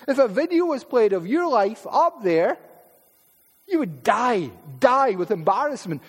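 A Scottish man preaching in church, his voice sitting high for a man. He is emphatic, often repeating words and slipping into asides. A long reverb trails off every phrase. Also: sing-song, normal speed. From Paisley, Scotland. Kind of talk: sermon.

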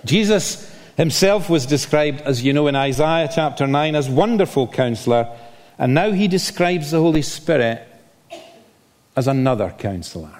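An older man from Scotland with a softened Scottish accent, preaching a sermon as a visiting speaker, with frequent "uh" fillers and a self-deprecating manner. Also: a little high, animated, moderate pace. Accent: Scottish, softened by years in England. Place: church. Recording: long reverb of a church hall.

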